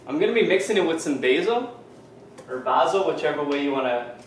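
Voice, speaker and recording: A Canadian fitness coach chats loosely to camera in his home kitchen while demonstrating a recipe, scattering fillers like "you know" throughout. His voice is a little high and expressive, and he talks very fast. The audio is poor, with an echoey room and slight background noise.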